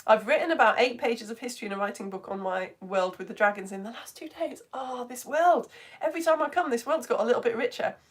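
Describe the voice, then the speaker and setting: A woman's voice: a little high, fast talker. A woman teaching a live online lesson, reading viewers' comments aloud in a bubbly, exclamatory way with delighted gasps.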